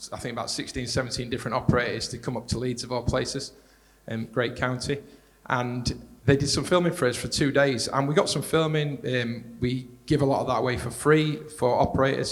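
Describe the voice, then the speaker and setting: A man speaking as a panelist in a live discussion, talking quickly and conversationally and repeating words as he restarts. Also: mid-range voice, steady tone. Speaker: panelist, director of strategic partnerships. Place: large hall at a live panel event. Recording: reverberant hall.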